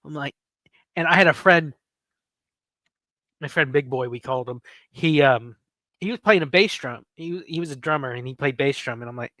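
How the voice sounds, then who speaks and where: Long pauses break up the sharp, high-leaning voice of a livestream host in his late thirties as he moves at a moderate pace. The talk is casual chat with viewers, full of rambling stories and playful jabs at chat, on a dry recording.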